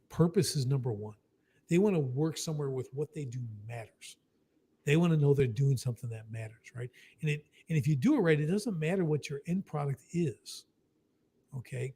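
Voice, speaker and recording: Husky man coaching on business. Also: on the high side, warm tone. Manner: emphatic, keeps adding "right?", acts out quick dialogue. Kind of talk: casual explanatory talk.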